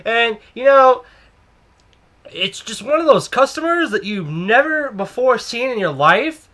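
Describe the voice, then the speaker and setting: A young man telling a comedic story about a cashier job in an excitable, exaggerated, rambling way. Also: very high voice, a little slow. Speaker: comedic vlogger playing a cashier.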